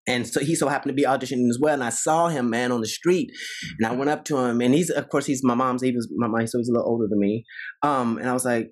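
A man in his fifties from Ohio with a Dayton accent, telling stories as an interview guest, animated and acting out quoted voices. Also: medium pitch, fast. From Ohio, USA. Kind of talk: casual interview storytelling.

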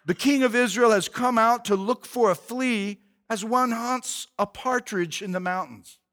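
A man voicing an indignant young male warrior who calls out loudly and scolds. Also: extremely high pitch, unhurried, long reverb tail. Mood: pleading.

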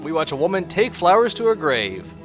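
A man co-hosting a podcast, sarcastic and animated, swearing and mocking an episode in casual chat. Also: fairly high pitch, a little fast, soft background music. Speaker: podcast co-host.

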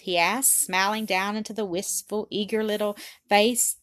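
Woman calmly reading an audiobook. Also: mid-range voice, moderate pace, dry recording. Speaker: audiobook reader. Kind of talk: scripted narration.

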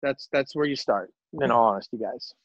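A man co-hosting a casual sports chat, ranting in an animated, profane way. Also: mid-range voice, brisk, no echo, muffled recording. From Texas. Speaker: podcast co-host.

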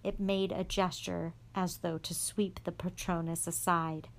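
Calm woman reading a storybook aloud. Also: lowish voice, measured pace. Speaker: guest reader.

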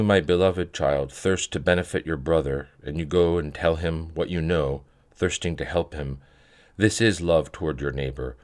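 A man reading spiritual letters aloud in a measured, reverent way. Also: sits low. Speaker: podcast reader of monastic letters.

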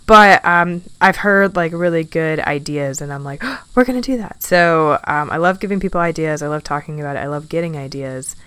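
Smooth-voiced chatty young woman. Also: deep voice, moderate pace, few pauses, fairly bright tone. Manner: chatty, laughs often, many fillers. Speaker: podcast co-host. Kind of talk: casual chat.

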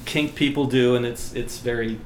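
A man's voice: mid-range voice, steady tone, normal speed. A man telling blunt, profane stories on a podcast as a guest, laughing as he goes. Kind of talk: casual storytelling. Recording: echoey room with clear noise.

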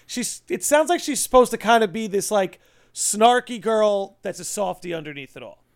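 A man's voice: high voice, animated. A man co-hosting a podcast in casual chat, opinionated and arguing his point. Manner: opinionated, makes his case in quick asides. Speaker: podcast co-host.

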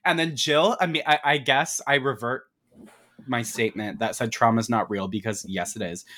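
Profane, animated young man recapping a film. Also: medium pitch, normal speed. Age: 20s. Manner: animated, profane, acts out character lines in put-on voices. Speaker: podcast co-host. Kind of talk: casual comedic movie recap.

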